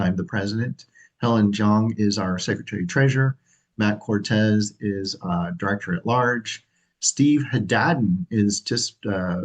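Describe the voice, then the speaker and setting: A man's voice: lowish voice, slightly rough, rough recording. A man hosting a livestream as association president, talking in an upbeat, rambling way with fillers. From California. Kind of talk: livestream presentation.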